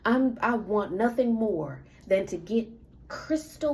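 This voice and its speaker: A woman's voice: mid-range voice, expressive, slow, a little mellow, rough recording. A woman venting to camera in a personal rant, a parent and student, talking bluntly and emphatically with lots of swearing. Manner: blunt, emphatic and profane, with bursts of laughter.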